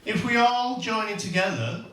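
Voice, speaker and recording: Crude comic in echoey club. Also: male voice, high voice, expressive, normal speed, bright, forceful tone. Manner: crude, rambling family anecdotes with lots of tag questions. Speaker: stand-up comedian. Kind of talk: stand-up comedy routine. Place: comedy club stage. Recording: echoey venue, mic far off.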